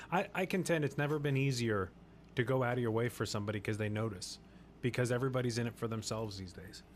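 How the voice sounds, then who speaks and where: A man of middle pitch hosts a faith-based podcast discussion. He talks in an earnest, preachy way and hammers his points home by repeating them. Faint noise sits under his voice. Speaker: podcast host.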